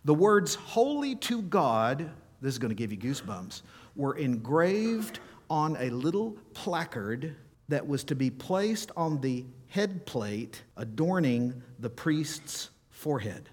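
Guy preaching, super expressive pitch, takes his time, reads verses with lots of feeling. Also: a little slow. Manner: animated, emphatic, reads scripture aloud with feeling. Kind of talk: sermon.

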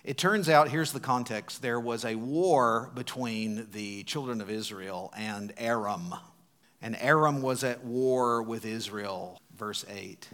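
A male pastor preaches a sermon, retelling a scripture story expressively and swinging between loud emphasis and hushed tones. He speaks slowly in a mid-range voice.

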